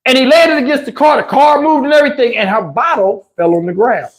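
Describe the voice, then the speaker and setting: High-voiced man telling a rowdy story. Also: brisk. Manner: animated, profane, laughs mid-story. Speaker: channel host. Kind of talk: livestream storytelling.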